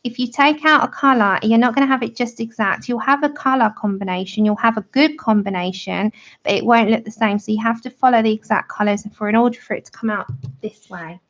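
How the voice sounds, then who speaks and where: A woman's voice: a little high, a little fast, fairly bright tone, dull audio. A woman hosting a live colouring tutorial, chatting with viewers by name and laughing often as she works. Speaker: art livestream host.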